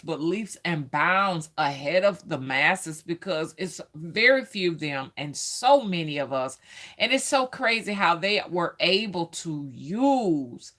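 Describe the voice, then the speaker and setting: Southern US woman, live-stream host, unhurried delivery, casual and chatty, lots of ums. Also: on the low side, animated, a bit bright. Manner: chatty, greets viewers by name, frequent ums. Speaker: livestream host.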